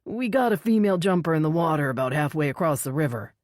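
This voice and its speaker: A big, commanding firefighter in an audiobook rescue scene, as a woman narrator puts him on. He calls out loudly and directly, his voice set higher and further off than the narration around him. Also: expressive, fast, no room sound, clean studio sound. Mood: urgent. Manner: loud, commanding. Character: brawny male firefighter shouting orders.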